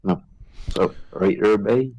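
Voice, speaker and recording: A man's voice: on the low side, takes it slowly, mellow, rough recording. A man co-hosting a casual chat, loose and laughing, swearing freely as he reminisces.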